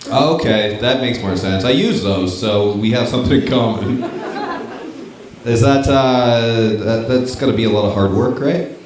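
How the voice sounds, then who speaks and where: A man's voice: mid-range voice, moderate pace. A young Canadian man from Northern Ontario doing stand-up comedy, bantering with the audience in a casual, swearing, self-mocking way. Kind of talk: stand-up comedy with crowd work. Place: comedy club with a live crowd. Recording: echoey room, live crowd.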